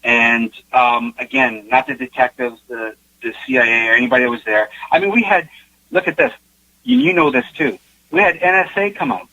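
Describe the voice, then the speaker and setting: Speaking at a moderate pace in a mid-range voice with no room sound, this Canadian guest psychic recounts a lengthy case in a casual interview. He's animated, performs the quotes he relays, and restarts his sentences. It comes through as dull lo-fi online call audio.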